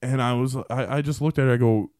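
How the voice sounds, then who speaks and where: A man's voice: medium pitch, steady tone, fast, a little mellow, dry recording, clean studio sound. A man on a podcast telling long, profane workplace stories in a loose, rambling way full of fillers. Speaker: podcast guest. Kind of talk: casual storytelling.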